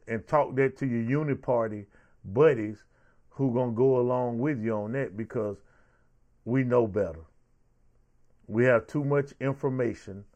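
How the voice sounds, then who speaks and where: A man's voice: medium pitch, darkish tone. Heated male political commentator. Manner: heated, repetitive, sarcastic. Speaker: show host.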